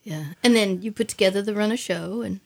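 A woman's voice: mid-range voice, fast talker, creaky. A middle-aged woman chatting as a guest, telling stories and acting out quoted voices. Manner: animated storyteller, acts out quoted voices. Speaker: guest, stage performer. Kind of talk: casual radio chat.

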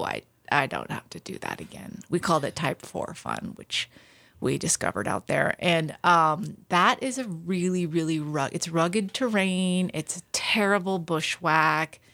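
A woman being interviewed about her outdoor adventures, a lively, self-deprecating storyteller who laughs often. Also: on the low side, a little slow, vocal fry, no room sound. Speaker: guest, outdoor adventure writer. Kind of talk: casual interview chat.

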